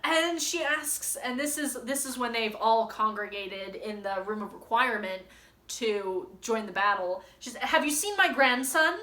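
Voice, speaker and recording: Young woman book vlogger, gushing and rambly. Bright, slightly high voice in an echoey room. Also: a little slow. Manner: gushing, rambling, with many likes and ums. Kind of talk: casual book chat reading passages aloud.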